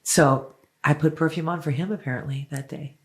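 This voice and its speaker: A woman's voice: low-pitched, fairly quick. A woman singer as an interview guest, chatting casually and telling stories effusively, with some swearing. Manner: effusive storyteller, swears freely.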